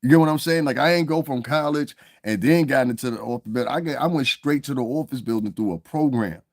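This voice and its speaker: A man's voice: mid-range voice, a little fast, no echo, studio quality. Angry, profane middle-aged man ranting. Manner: heated, profane, emphatic, repeats "you understand what I'm saying". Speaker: commentary vlogger.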